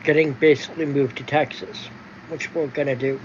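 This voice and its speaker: A man's voice: medium pitch, steady tone, moderate pace. A man chatting casually in a home vlog, rambling with many fillers and restarts. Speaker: vlogger. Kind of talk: casual chat. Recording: dull lo-fi sound with faint noise.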